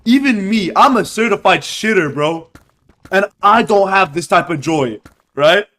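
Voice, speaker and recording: A man casually telling a wild story to friends on a livestream, animated and swearing, throwing in "bro" and "right" all the time. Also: sits high, unhurried.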